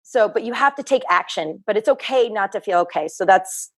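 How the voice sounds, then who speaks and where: Now brisk, animated and a bit bright, the mid-range voice of a woman in her thirties carries her casual podcast talk as a guest who runs a fitness business. Even so, she stays earnest and reflective, often repeating herself.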